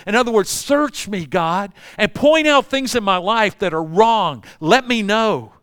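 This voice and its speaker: A man's voice: sits high, lively intonation, moderate pace, hardly any pauses, a bit bright, smooth, no echo, studio quality. An older man preaching a sermon, telling folksy stories and acting out voices. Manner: folksy storytelling with acted-out voices. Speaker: pastor.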